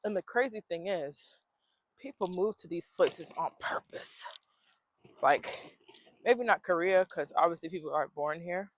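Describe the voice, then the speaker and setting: A woman's voice: fairly low pitch, normal speed, dry recording, low-quality recording. A woman vlogging outdoors while walking city streets, chatting casually to viewers through a handheld phone and sniffling from the cold. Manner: chatty, joking, talks to viewers as y'all. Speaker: travel vlogger. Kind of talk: casual vlog chat. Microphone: phone camera held while walking.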